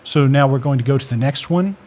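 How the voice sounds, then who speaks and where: A man's voice: mid-range voice, fairly quick. Casual man thinking aloud through code. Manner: relaxed, thinking aloud with many fillers and self-corrections. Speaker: coding tutorial host. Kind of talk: casual screen-recorded coding lesson.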